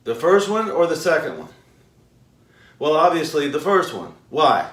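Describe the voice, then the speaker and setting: A man's voice: mid-range voice, sing-song, fairly bright tone. Male self-help host, emphatic lecturer, roomy distant sound. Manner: emphatic, rhetorical questions, drawn-out pauses. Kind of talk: motivational lecture to camera. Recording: roomy echo, mic far off.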